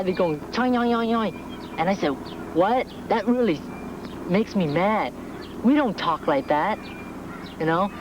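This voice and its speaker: An earnest man recounts his experience in a documentary interview, his voice sitting a little high. Clear street noise runs behind him. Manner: earnest, indignant storytelling.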